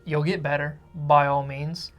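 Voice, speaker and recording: A man co-hosting a podcast in casual chat, who calls himself a fast talker. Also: a little high, flat delivery, a bit bright, soft background music. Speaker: podcast co-host.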